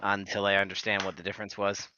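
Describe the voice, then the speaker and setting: A man's voice: fairly low pitch, monotone, fast talker, muffled recording, background noise. A man telling a long, profane story in casual podcast chat. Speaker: podcast co-host.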